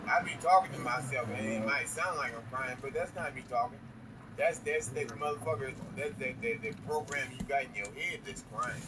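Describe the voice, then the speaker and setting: A man's voice: medium pitch, brisk, recorded from a distance, noisy background. A man rambling and stammering about voices and religion, talking in a repetitive way. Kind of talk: rambling street talk.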